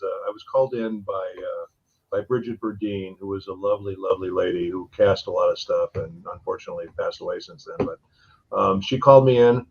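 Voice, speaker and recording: A man's voice: on the low side, creaky, slightly rough. A man telling enthusiastic anecdotes as a voice actor guest in a casual chat. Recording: dull lo-fi stream audio.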